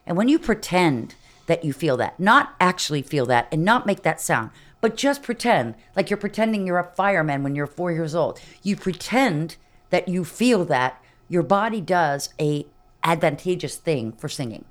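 A middle-aged woman from Texas, a vocal coach chatting in an interview, animated and quick to demonstrate voices and laugh. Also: fairly low pitch. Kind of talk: casual interview chat.

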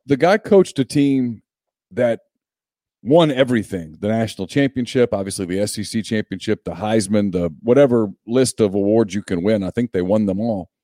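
A man co-hosting casual sports talk, measured and emphatic. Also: fairly low pitch, dark tone, no echo, clean studio sound. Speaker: sports co-host.

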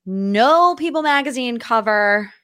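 A woman in her late twenties from the United States, hosting a podcast in casual chat, chatty and gushing, with quick asides. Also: fairly high pitch, lively intonation, pushed and bright, no echo, studio quality. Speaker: podcast host. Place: studio office.

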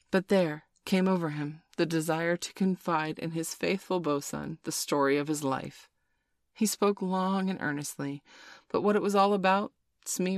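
A woman narrating a classic storybook aloud in a measured, expressive reading. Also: fairly low pitch, no room sound, clean studio sound.

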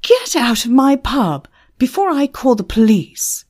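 A woman voicing a red-faced, panicked male pub manager who shouts frantically and whose voice cracks. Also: fairly high pitch, very animated, a little slow, voice pushed up. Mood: frantic shouting.

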